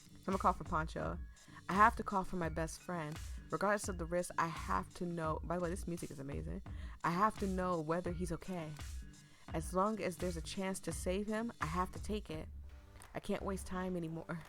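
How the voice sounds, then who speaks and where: Woman gamer reading a horror story game out loud, lowish voice, going a bit hoarse, chatty asides, soft music under her. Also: fairly quick. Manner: excitable, chatty asides between read lines. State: losing her voice. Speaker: gaming streamer. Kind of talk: reading a visual novel aloud with live reactions.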